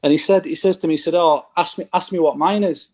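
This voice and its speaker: A former footballer tells casual stories on a podcast. He is an animated storyteller who acts out the exchanges he quotes. His voice sits fairly high for a man. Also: fast. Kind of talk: casual anecdote telling.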